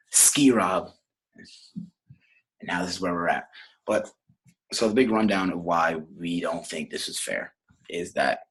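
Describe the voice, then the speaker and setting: A man's voice: deep voice, a bit bright, slightly rough. A man from New York hosting a podcast, ranting in a brash, profane, rambling way. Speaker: podcast host. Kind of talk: casual podcast rant.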